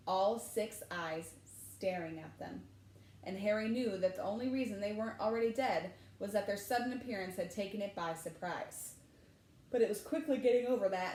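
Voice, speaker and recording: Woman teacher reading a story aloud. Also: medium pitch. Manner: animated, switching voices for characters. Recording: echoey room with faint ambience.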